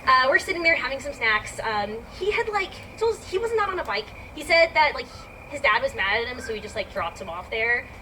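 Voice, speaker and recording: A woman's voice: high-pitched, very animated, fairly quick, bright, forceful tone. A woman telling a personal story to a live audience in a chatty, filler-heavy way. She laughs often and acts out her own reactions. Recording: distant mic with background noise.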